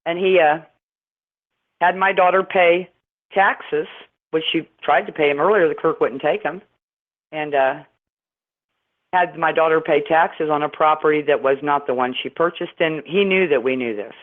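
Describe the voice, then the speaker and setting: A woman's voice: low-pitched, normal speed, pauses often. A middle-aged woman speaks over a tinny, narrow phone line as an interview guest. She tells her story in a rambling, indignant way, restarting her sentences often. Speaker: guest caller.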